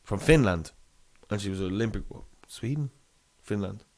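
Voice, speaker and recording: A man's voice: on the low side, normal speed. A young man, telling a rambling story on a podcast, swearing and laughing as he goes. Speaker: podcast co-host. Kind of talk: casual chat, storytelling.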